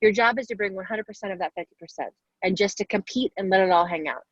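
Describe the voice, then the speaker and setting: Her voice medium-pitched and quick, a woman in her forties appears as a guest athlete on a video call, answering questions from young players. She addresses the kids directly, warm, upbeat, casual and encouraging, over dull, lo-fi call audio with no echo.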